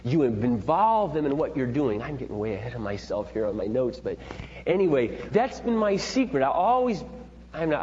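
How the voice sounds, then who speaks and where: A middle-aged man leading a parenting seminar, talking in a rambling, folksy, animated way to a group. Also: medium pitch. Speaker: seminar leader. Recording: dull echoey hall with faint hum.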